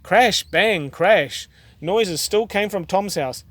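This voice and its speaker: New Zealand dad reading a storybook. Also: male voice, high-pitched, slow pace. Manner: gentle, expressive reading with small restarts. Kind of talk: reading a children's picture book aloud.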